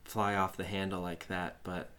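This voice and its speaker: A young man playing a tabletop game, speaking playfully and in character with a deadpan edge. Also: deep voice, moderate pace, slight background noise.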